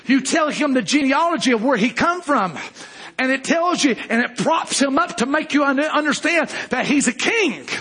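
A male preacher delivering a fervent sermon, rising to shouts and dropping low again. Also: lively intonation, normal speed.

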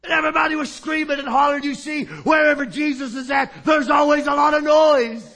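High gravelly preacher, shouting. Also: male voice, steady tone, brisk. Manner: dramatic, often shouting for emphasis. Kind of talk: sermon storytelling.

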